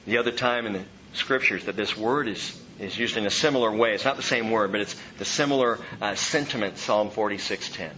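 A man preaching an expository sermon in an animated way, dropping to a hush and rising loud for emphasis. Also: medium pitch, brisk, hardly any pauses, highs cut off, a little hiss or hum.

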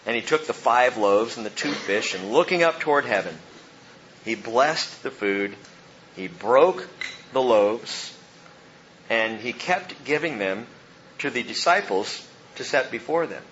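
A man preaching a sermon as pastor, animated and joking, acting out the people in the story. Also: mid-range voice, unhurried, highs cut off, slight background noise.

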